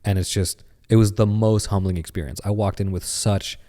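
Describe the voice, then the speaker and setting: Guy in his 30s telling stories on a podcast, deep warm voice, bit of echo. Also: normal speed. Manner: animated storyteller. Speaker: podcast guest. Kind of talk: casual chat.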